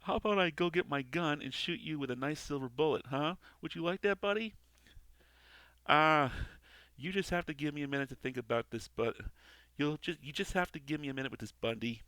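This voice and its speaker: A loud, brash fallen angel with a sneering, worn-out manner, as a man puts him on. He jumps between gruff griping and piercing high screams. The voice is bright and forceful, recorded close and dry. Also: fairly quick, dry recording. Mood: sarcastic. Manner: screams in bursts, sarcastic. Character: brash washed-up male guardian angel, shouting comic.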